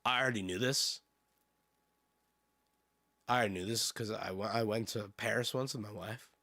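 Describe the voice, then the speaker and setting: A man's voice: on the low side, fairly even intonation, moderate pace, bright, forceful tone, no room sound. A man streaming casually, reading news aloud with sardonic, profane asides and laughs.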